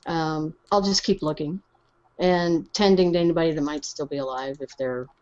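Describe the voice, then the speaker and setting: A woman's voice: deep voice, fairly even intonation, moderate pace, mellow, muffled recording. A woman playing a tabletop game, hesitant and often restarting her sentences. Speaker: player. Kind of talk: casual tabletop play.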